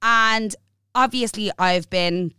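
A woman's voice: mid-range voice, takes it slowly, pushed and bright, smooth, no echo, studio quality. A woman in her twenties with an Irish accent, co-hosting a casual podcast and telling a personal story frankly and with lots of animation, swearing freely. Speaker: podcast co-host.

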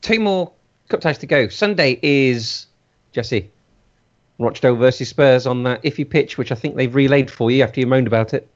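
A man's voice: mid-range voice, normal speed. Teasing man hosting. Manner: teasing, wry. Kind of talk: casual banter. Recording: dull lo-fi sound.

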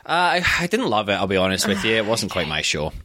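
Lively bright-voiced Scottish man. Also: on the low side, fast, a little hiss or hum. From Scotland. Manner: jokey, self-deprecating, swears casually. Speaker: podcast guest, actor. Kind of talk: casual chat. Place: home podcast studio in a spare room. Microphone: studio microphone.

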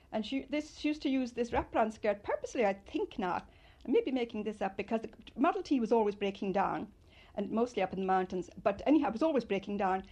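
An older woman reminisces in an interview, her voice rising and falling a lot as she tells her stories. She speaks with fond animation. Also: on the high side. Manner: fond, animated storytelling with loud mimicry.

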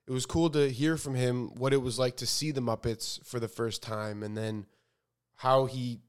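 A young man co-hosting a podcast in relaxed, rambling casual chat. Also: mid-range voice, moderate pace, clear, resonant tone. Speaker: podcast co-host.

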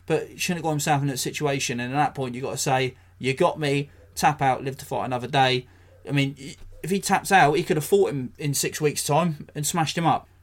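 A man's voice: fairly high pitch, brisk. English guy doing his solo podcast, swears a lot, blunt rants, dry jokes. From England. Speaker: podcast host.

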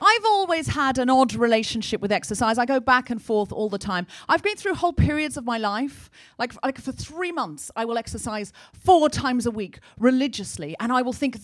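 A woman's voice: a little high, animated, brisk, hardly any pauses. A woman co-hosting a comedy podcast, telling a long story to a live audience and acting out the voices of people she quotes. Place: small live venue with audience.

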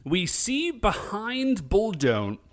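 A man co-hosting a casual chat, retelling a show with lively voiced quotes. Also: sits high. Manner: animated storytelling with quick voiced quotes. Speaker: podcast co-host recapping a show.

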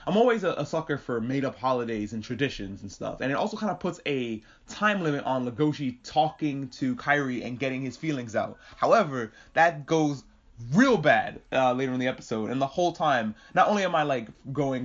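A man's voice: mid-range voice, lively intonation, fairly quick, highs cut off. A man hosting a podcast, recapping an episode in casual, swearing, jokey chat. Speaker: podcast host.

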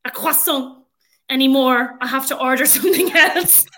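Bright-voiced Irish woman, chatty. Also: sits high, normal speed, a little hiss or hum. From Ireland. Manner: chatty, many fillers, laughs often. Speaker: guest, rugby player and coach. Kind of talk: casual podcast chat.

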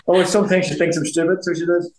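High-pitched and rambling, a former boxer in his fifties from Belfast, Northern Ireland, chats casually as an interview guest, repeating himself and frequently restarting. The rough recording has an echoey room and a little hiss or hum.

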